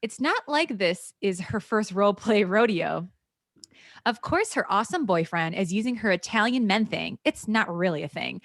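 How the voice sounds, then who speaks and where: A woman's voice: medium pitch, expressive, moderate pace, gravelly, a bit bright, no room sound, clean studio sound. A woman co-hosting a comedy podcast, reading fan fiction aloud and often dissolving into giggles. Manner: giggly, breaks into laughter while reading. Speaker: podcast co-host.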